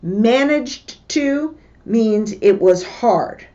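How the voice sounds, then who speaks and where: Slow, deliberate woman teacher reading aloud. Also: on the high side, animated, dark tone, muffled recording. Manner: slow, deliberate, explains word meanings. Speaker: English teacher. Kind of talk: reading aloud and explaining a book passage.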